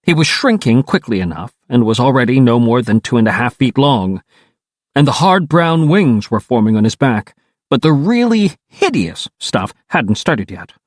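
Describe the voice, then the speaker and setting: A man reading a first-person audiobook in a wry, animated storytelling manner. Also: mid-range voice, moderate pace, no room sound, studio quality. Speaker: audiobook narrator.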